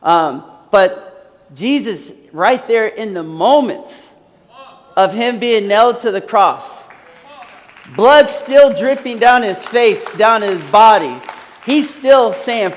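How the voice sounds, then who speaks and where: A man's voice: high voice, lively intonation, slow pace. A man preaching a sermon earnestly, repeating phrases and using many fillers, in a large hall. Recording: long hall reverb.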